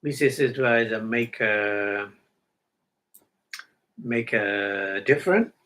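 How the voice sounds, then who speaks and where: A man whose first language is Burmese, giving a meditation dharma talk in halting English, with many fillers and repeated words, chanting Pali passages now and then. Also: on the low side, a bit bright. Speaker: meditation teacher.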